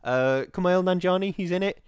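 A man's voice: sits high, fairly quick, clean tone, no room sound, studio quality. A man co-hosting a podcast, chatting playfully and mocking himself, with stammering restarts. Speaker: podcast co-host. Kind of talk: casual podcast chat.

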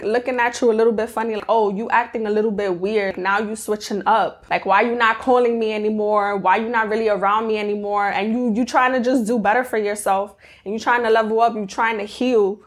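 Animated young woman giving friendship advice. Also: a little high. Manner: animated, acts out quoted friends in mocking voices. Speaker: podcast host. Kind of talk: casual advice monologue.

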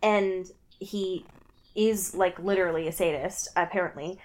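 A woman's voice: lowish voice, steady tone, a little slow, darkish tone. A young woman casually recapping a story, laughing often and acting out the characters' lines. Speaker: co-host recapping a book. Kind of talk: casual chat.

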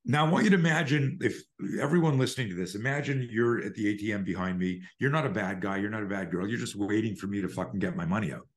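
A man's voice: fairly low pitch, quick pace, few pauses. A middle-aged man, a self-defense instructor guesting on a podcast over a remote call, talks animatedly and profanely, acting out scenarios as he explains. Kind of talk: conversational podcast interview.

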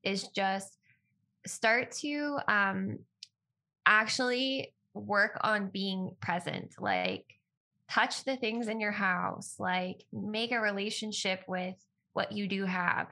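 A woman's voice: medium pitch, animated, slow, sharp tone. A woman co-hosting a casual talk, speaking openly and heartfelt about personal healing. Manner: open, heartfelt, uses many "like" fillers.

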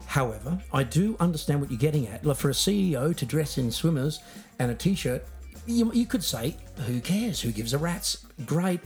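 Australian male host, mock-earnest improv comic, very animated delivery. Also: on the high side, moderate pace, soft background music. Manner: playful, punning, mock-earnest. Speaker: podcast host. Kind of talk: improvised comedy banter.

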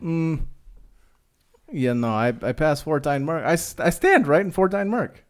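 A man voicing a confused male coworker who speaks halting broken English and hums and pauses before each answer. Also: fairly high pitch, animated, voice pushed up. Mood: befuddled. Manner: halting, hesitant, with long humming pauses.

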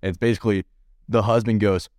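A man with a very deep voice co-hosts a casual film podcast. He rambles and talks down his own jokes while clearly enjoying them. The sound is dry and close, with no room around him. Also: steady tone, fairly quick, darkish tone, no echo. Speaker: podcast co-host.

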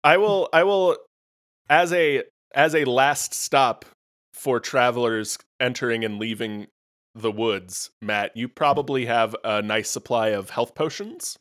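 A man narrating as game master in a tabletop game, with halting delivery and frequent restarts. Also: mid-range voice, a bit bright.

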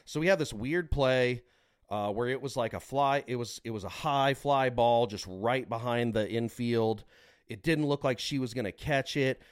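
Podcast guy telling a long story, swears a lot, animated, medium pitch. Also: moderate pace, smooth. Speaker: podcast co-host. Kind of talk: casual storytelling chat.

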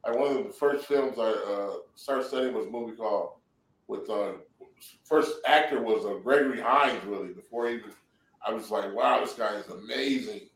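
A middle-aged man from San Diego, a comedian and actor, guests on a casual interview, telling loose, laughing stories full of profanity. His voice is fairly low and moderately paced, and a distant mic gives the recording a roomy sound.

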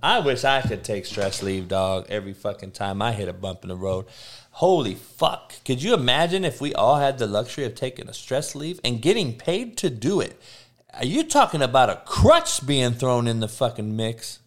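A man's voice: medium pitch, very animated, normal speed. A middle-aged man ranting as a podcast host, blunt, sarcastic and heavy on profanity, often stammering through restarts. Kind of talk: profane rant.

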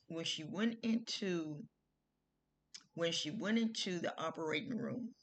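A middle-aged vlogger tells a heartfelt personal story. The delivery is loose and conversational, with restarts and informal grammar. The pitch sits in an ordinary middle range. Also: fairly bright tone. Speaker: health video host. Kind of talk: casual personal testimony.

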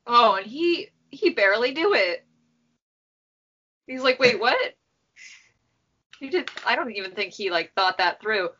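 Woman cohost, animated, keeps acting out what people said, muffled audio. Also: mid-range voice, moderate pace, few pauses. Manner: animated, acts out quotes. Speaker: podcast co-host. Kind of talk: casual recap chat. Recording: dull lo-fi sound.

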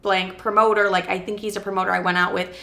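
A young woman recounting a night out in a loose, lively storytime voice, quick to swear. She jumps into quoted back-and-forth as she goes. Her pitch sits mid-range for a woman. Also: creaky. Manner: animated, swears freely, acts out quoted dialogue. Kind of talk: casual personal storytime.

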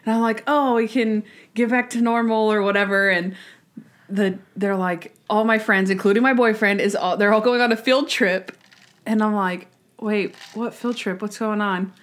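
A young woman co-hosting a podcast, chatting casually with a giggly, animated storytelling manner. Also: medium pitch, moderate pace. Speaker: podcast co-host. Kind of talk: casual chat, storytelling and episode review.

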